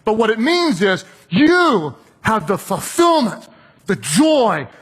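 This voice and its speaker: A man preaching and telling a personal story, animated, acting out the voices of the people in it. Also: high voice, takes it slowly, breathy edge. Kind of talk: sermon storytelling.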